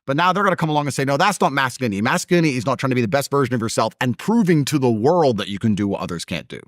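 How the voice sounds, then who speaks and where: A man's voice: rapid-fire, dry recording, studio quality. A man in his thirties, an interview guest arguing emphatically in a heated conversation, with a mocking edge. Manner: emphatic, mocking, lively pitch swings.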